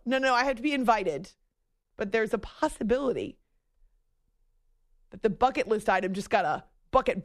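A woman hosting a late-night sports radio show from a studio, chatty and self-mocking, with giggly asides. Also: mid-range voice. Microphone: studio microphone.

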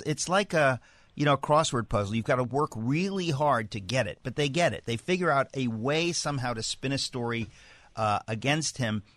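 A man's voice: mid-range voice, a bit bright, no echo. A man hosting a political talk, chatty and joking, often restarting his sentences. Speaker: host. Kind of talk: political conversation.

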